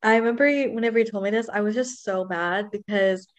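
A woman's voice: medium pitch, fast, lo-fi sound. Young woman, easygoing podcast chat. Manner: supportive listener, frequent backchannels. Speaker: podcast co-host. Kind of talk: casual chat.

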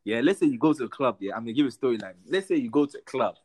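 A young man, telling a story in an animated, slang-heavy podcast chat. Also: mid-range voice, racing, breathy edge. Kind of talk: casual chat.

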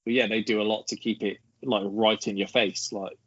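A man co-hosting a casual film podcast, explaining his points in a measured way and leading with trivia. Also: lowish voice, flat delivery, fairly bright tone, slightly rough, no room sound, lo-fi sound. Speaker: podcast co-host.

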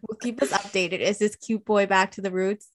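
A young woman in her twenties co-hosting a podcast, chatting in an animated way with lots of fillers. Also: mid-range voice, moderate pace. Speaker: podcast co-host. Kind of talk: casual chat.

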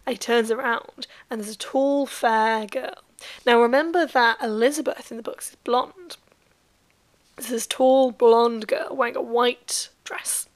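A woman's voice: fairly high pitch, a bit bright. A woman chatting casually through a book recap, often repeating words as she thinks aloud. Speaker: book discussion host.

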